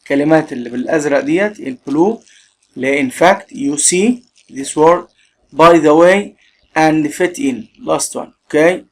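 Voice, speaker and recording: A man's voice: fairly high pitch, quick pace. A male teacher with an Egyptian Arabic accent giving an English lesson, switching between Arabic explanation and English and stressing words emphatically.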